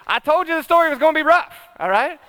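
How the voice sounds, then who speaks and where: High-pitched bright pastor, man. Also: expressive, fast talker. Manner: conversational, tag questions, humorous asides. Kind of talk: sermon.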